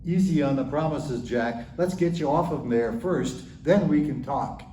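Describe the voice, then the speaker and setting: A man voicing God as a calm, patient voice from above, gently firm. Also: a little high, a little slow, echoey room, far from the mic, a little hiss or hum, natural voice.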